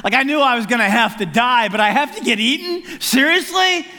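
A man's voice: very high voice, normal speed, pushed and bright, pitched above the performer's own voice. A man doing Jonah, a desperate drowning prophet. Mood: exasperated. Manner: desperate, pleading, exasperated. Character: panicked drowning prophet man, self-blaming. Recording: long hall reverb.

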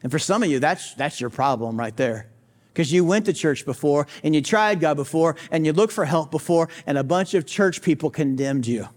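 High-voiced man preaching with emphatic repetition. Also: normal speed, darkish tone. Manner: direct address to skeptics, rhetorical questions. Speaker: pastor. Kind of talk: sermon.

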